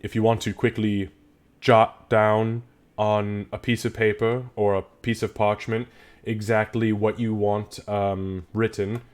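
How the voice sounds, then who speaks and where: A man's voice: on the low side, level tone, natural voice. A man doing a shrewd haggling dwarf. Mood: bargaining. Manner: businesslike, measured, haggling. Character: shrewd cigar-chewing dwarf ore master.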